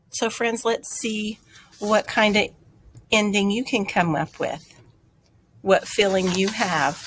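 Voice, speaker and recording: Female teacher, slightly low voice, unhurried and encouraging, recorded lesson for young kids. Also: fairly bright tone. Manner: patient, encouraging teacher explaining step by step.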